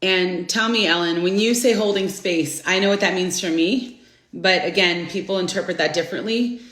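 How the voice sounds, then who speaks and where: A woman's voice: lowish voice, moderate pace. Roomy-sounding woman in her forties, chatty. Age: 40s. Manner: effusive, greets viewers by name with bursts of excitement. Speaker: host of a live inspirational stream. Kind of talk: casual live-stream chat. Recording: roomy echo.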